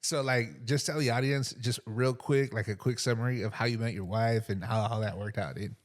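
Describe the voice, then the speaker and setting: A man's voice: mid-range voice, brisk. A man hosting a podcast in a casual way who keeps calling his guest "dude" and nudges him to tell a story. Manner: relaxed, says "dude" a lot. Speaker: podcast host. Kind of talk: casual interview talk.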